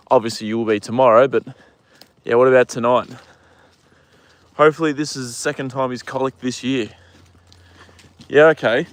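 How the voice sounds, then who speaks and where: A man talks easily to his live stream audience from outside by a horse paddock, wandering from thought to thought as he answers comments. His voice sits at a middling pitch, and the sound is dry with little room echo. He swears now and then without much fuss. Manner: chatty, rambling, answers viewer comments, swears freely. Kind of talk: casual live stream chat.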